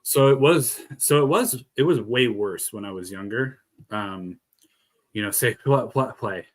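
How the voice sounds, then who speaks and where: Guy w a lisp chatting on stream, kinda low voice, laughs a lot. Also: unhurried. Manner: rambling, laughs often, swears casually. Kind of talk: casual chat.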